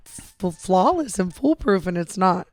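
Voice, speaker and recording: A woman's voice: fairly low pitch, animated, darkish tone, no echo. A woman co-hosting a casual comedy podcast, teasing her partner and doubting his theories. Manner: skeptical, teasing, reacts with quick interjections. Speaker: podcast co-host.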